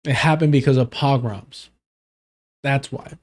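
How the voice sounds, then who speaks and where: A man's voice: medium pitch, fairly even intonation, a little slow, darkish tone. A man streaming live, giving blunt, sarcastic reaction commentary.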